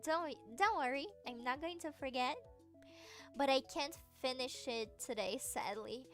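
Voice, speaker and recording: A woman with a high voice chats playfully on a livestream, giggling often and tripping over her own restarts. She talks at an unhurried pace. Soft music plays quietly behind her. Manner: playful, giggly, answers chat with stammering restarts. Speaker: streamer. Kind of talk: casual livestream chat.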